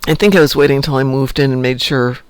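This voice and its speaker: A man's voice: mid-range voice, fairly even intonation, fast talker, clear, resonant tone, no room sound. A man hosting a casual morning live stream from home, rambling and joking about his day. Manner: rambling, chatty, self-joking.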